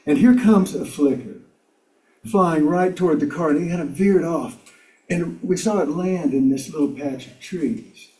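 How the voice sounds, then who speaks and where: An older man from South Carolina, with a slightly high, warm voice at normal speed, is a guest speaker telling personal stories to a congregation. Wry and self-mocking, he chuckles and uses filler words. The community meeting hall is roomy, and his voice comes from far off.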